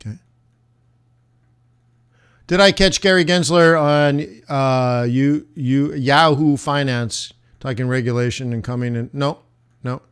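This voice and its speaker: Slow and given to long pauses, a man with a clean, mid-range voice hosts a forex trading livestream. He rambles casually, chats with his viewers, and makes jokes at his own expense.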